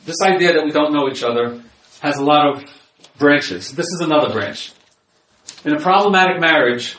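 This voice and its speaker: A man's voice: a little high, fairly bright tone, slight background noise. A man who works as a marriage counselor gives an informal lecture with slides and repeats his key points. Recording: echoey room, voice from far off.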